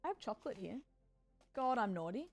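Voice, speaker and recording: Chatty high-voiced woman streamer. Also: big pitch swings, fairly quick, soft background music. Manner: chatty, playful, swears casually. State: tired. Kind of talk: casual gaming stream chat.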